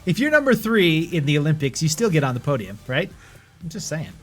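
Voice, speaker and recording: A man's voice: a little high, big pitch swings, brisk, fairly bright tone, slightly rough, faint music behind. A man hosting a casual album review chat, rambling and joking with frequent laughs. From US (Idaho). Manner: jokey, rambling, laughs often. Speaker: podcast host.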